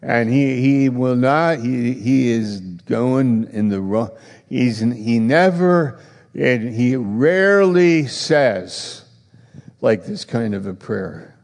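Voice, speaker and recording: A man preaches in a slow, measured rhythm, circling back on the same phrases and pressing his listeners with pointed questions. His voice has a gravelly edge, and a long reverb trails each line. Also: mid-range voice, expressive, a little mellow. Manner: repetitive, emphatic preaching that swells into rhetorical challenges. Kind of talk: sermon.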